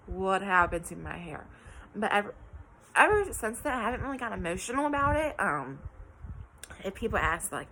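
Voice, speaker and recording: Chatty bright-voiced young woman vlogger. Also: medium pitch, a little hiss or hum, poor audio. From West Virginia. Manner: chatty, many ums and likes, acts out quotes. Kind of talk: casual personal vlog.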